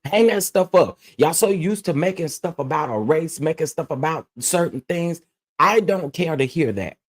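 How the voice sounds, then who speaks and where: A man's voice: fairly high pitch, animated, moderate pace. A man hosting his own commentary channel, ranting bluntly and emphatically and repeating phrases to press his point.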